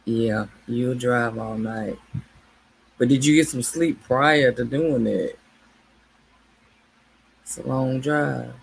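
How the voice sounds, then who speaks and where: A woman's voice: extremely low pitch, takes it slowly, creaky, pauses often, slightly rough. A woman hosting a casual late-night livestream, chatting with viewers by name and laughing often. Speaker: livestream host.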